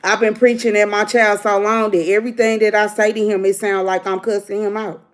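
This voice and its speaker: A woman's voice: medium pitch, flat delivery, brisk. A middle-aged woman, ranting bluntly to her livestream viewers like a preacher. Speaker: livestream host. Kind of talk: casual livestream rant.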